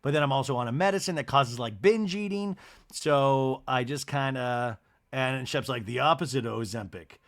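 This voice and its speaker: A man hosting a podcast, recapping a reality TV episode solo with an animated, storytelling delivery. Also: mid-range voice, moderate pace. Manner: animated retelling, acting out cast members' lines in put-on voices. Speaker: podcast host.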